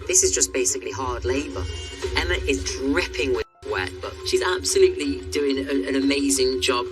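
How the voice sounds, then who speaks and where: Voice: medium pitch, expressive, a little fast. A reality show contestant explaining the task in a matter-of-fact way. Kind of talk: casual on-the-spot commentary. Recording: distant mic under music bed.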